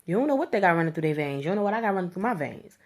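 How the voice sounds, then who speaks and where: A woman telling a story to camera in a blunt, animated rant, with slangy speech and free swearing. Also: lowish voice, very fast. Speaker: vlogger.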